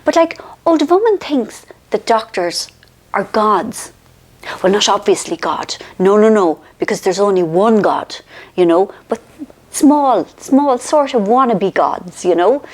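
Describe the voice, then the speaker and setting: A woman's voice: medium pitch, expressive, measured pace, darkish tone. An Irish woman chatting to camera at home, full of self-mocking asides as someone else films her. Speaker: vlogger. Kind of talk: casual chat to camera. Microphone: filmed by a companion behind the camera.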